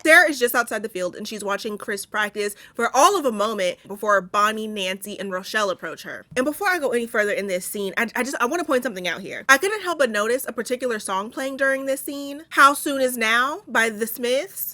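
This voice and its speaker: Sassy, bright-voiced young woman recapping a movie. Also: a little high, expressive, normal speed, few pauses, soft background music. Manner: sassy, profane, joking asides. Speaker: YouTuber. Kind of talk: casual movie recap commentary.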